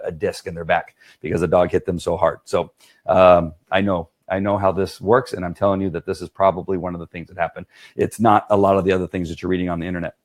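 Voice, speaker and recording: A man who trains dogs, talking earnestly to viewers on a live stream, with many fillers and restarts. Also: lowish voice. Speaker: dog trainer.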